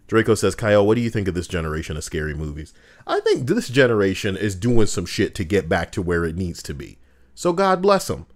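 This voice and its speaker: Deep-voiced man chatting on stream. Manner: animated, swearing, drifting asides. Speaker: streamer reading Reddit posts. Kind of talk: casual livestream chat.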